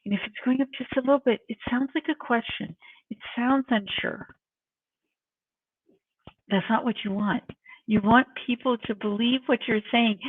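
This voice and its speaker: A woman's voice: medium pitch, a little hiss or hum. A middle-aged woman giving workplace tips in a chatty, self-mocking way and acting out examples as she goes. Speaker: workplace coach. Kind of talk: casual tips talk to camera. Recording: tinny phone-like sound from a distant mic.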